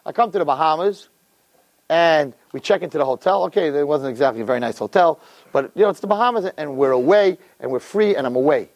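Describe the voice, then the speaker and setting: A man who teaches, telling a personal story to a live audience in an animated, expressive way. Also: no room sound. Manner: animated, expressive storyteller with big pitch swings.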